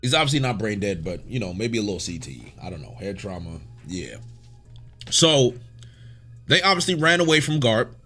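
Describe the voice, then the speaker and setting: A man hosting a casual comic reaction, reading panels aloud, excitable and slangy, laughing often. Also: lowish voice, moderate pace, soft background music.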